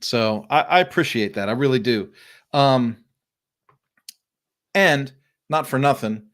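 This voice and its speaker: A middle-aged man hosts a relaxed live-streamed chat. He tells stories with energy and acts out cheerful greetings to the people he meets. His voice sits at an ordinary middle pitch. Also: slow. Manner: animated storyteller, acts out friendly greetings. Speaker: podcast host. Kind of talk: casual interview chat. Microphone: remote live-stream call.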